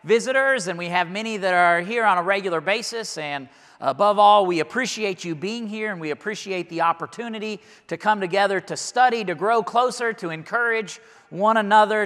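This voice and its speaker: Male preacher, high bright voice, emphatic sermon delivery, church hall reverb. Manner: earnest, emphatic preaching with sudden swings in loudness.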